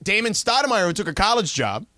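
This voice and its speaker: A man hosting a sports radio show, arguing his points in lively banter and checking in with "right?" and "okay?". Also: high-pitched, quick pace, no echo, clean studio sound. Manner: animated, argues points with rhetorical "right?". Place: radio studio.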